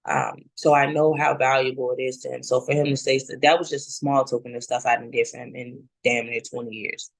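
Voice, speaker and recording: A woman's voice: a bass voice, flat delivery, fairly quick, few pauses, dry recording, low-quality recording. A woman in her thirties giving candid personal testimony in casual talk. She speaks bluntly, swears freely, and acts out both sides of the scenes she describes. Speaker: guest sharing her story.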